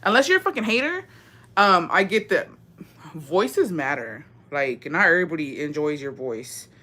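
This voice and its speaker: A young woman talks into her phone on a casual livestream, her voice deep and slightly raspy yet bright and forward in tone. She chats loosely and swears freely, mixing Spanish words into her English as she greets viewers one by one. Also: sing-song, normal speed. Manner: chatty, profane, mixes in Spanish words. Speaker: livestream host. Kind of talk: casual livestream chat reading comments.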